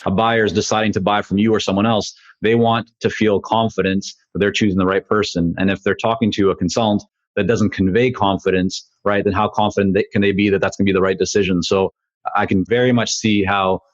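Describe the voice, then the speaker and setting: A man hosting a podcast interview, speaking in a measured, affirming way. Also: on the low side, steady tone, no echo. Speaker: podcast host. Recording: dull, dry lo-fi sound.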